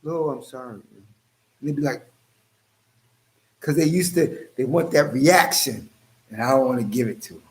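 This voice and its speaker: A man's voice: mid-range voice, expressive, moderate pace, long pauses. A man hosting a casual livestream, joking and calling out viewers by name. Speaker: livestream host.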